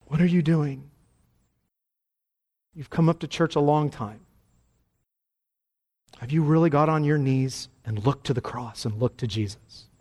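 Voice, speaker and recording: A man's voice: fairly high pitch, a little slow, long pauses, a little mellow, breathy edge. A male pastor preaching a sermon with fervor, repeating his phrases and building to emphatic cries.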